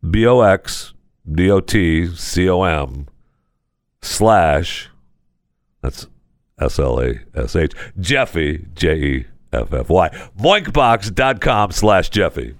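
Lively low-voiced man hosting. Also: no echo, clean studio sound. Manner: jokey, rambling, mock-corrects himself. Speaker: podcast host. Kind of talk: casual podcast talk with a host-read ad.

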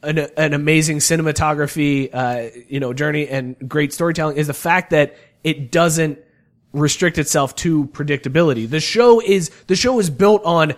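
A man co-hosting a casual podcast, bantering and joking, also doing the sponsor reads. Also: a little high. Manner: talkative, joking, fast-shifting banter. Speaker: podcast co-host.

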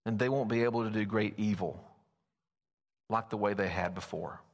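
A man's voice: fairly low pitch, moderate pace, gravelly. Man preaching in an echoing church. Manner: folksy, storytelling, animated at times. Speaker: pastor. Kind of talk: sermon. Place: church sanctuary. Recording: long church reverb.

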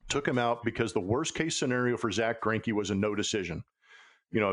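A man hosting a sports podcast, telling stories in a chatty, casual way with frequent filler words. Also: mid-range voice. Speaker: podcast host. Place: Houston.

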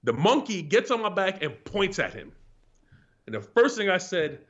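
A man's voice: high voice, sing-song, normal speed, fairly bright tone. A man in his forties, a retired pro athlete, telling stories as a guest in a casual, profane, laughing way. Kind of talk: casual storytelling chat. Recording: slightly dull lo-fi sound.

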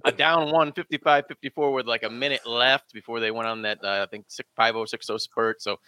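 A man, a betting analyst guest, talks excitedly and rattles off game details. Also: medium pitch, a little fast, a little hiss or hum.

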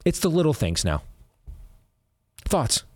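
A man hosting a talk radio show, giving forceful, sarcastic political commentary and interviewing a guest. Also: a little high, very animated, slow, no room sound.

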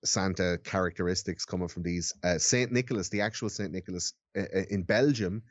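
Low-voiced man telling history casually. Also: a little fast, no echo, muffled recording. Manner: storytelling, loose and profane. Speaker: podcast co-host. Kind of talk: casual chat, explaining history.

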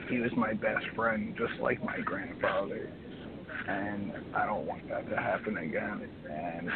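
A hoarse man calling in to a show, talking in halting, rambling stretches full of restarts. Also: fairly low pitch. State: hoarse, frog in his throat. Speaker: caller. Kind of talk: phone-in chat. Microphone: phone. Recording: noisy phone line.

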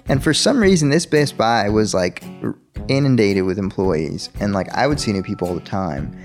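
A man's voice: normal speed, soft background music. A man casually telling a personal story and acting out the dialogue with big jumps in his voice. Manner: animated, acts out quoted dialogue with sharp pitch jumps.

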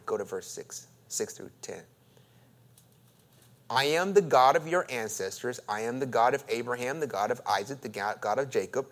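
A man's voice: medium pitch, lively intonation, moderate pace. A man preaching a sermon, reading scripture aloud and joking as he acts out the voices of the story. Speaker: pastor.

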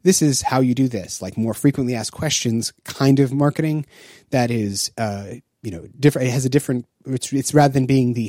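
A man's voice: medium pitch, a little fast, warm tone, no echo, studio quality. A man co-hosting a casual podcast discussion, rambling with many fillers and restarts. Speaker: podcast co-host.

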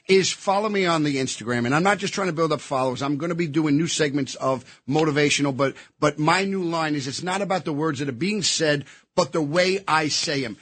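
A man talks with a lot of emphasis in a casual interview, often circling back over the same words. His voice sits a bit high for a man. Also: a bit bright, dry recording. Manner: emphatic, repetitive storyteller. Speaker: actor and guest.

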